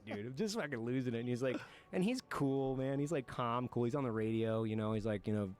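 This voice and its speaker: A military veteran telling war stories in an interview, frank and profane, reflective at times and breaking into nervous laughter. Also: male voice, mid-range voice, expressive, fairly quick, a little mellow, a little hiss or hum. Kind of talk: candid war storytelling in a podcast interview.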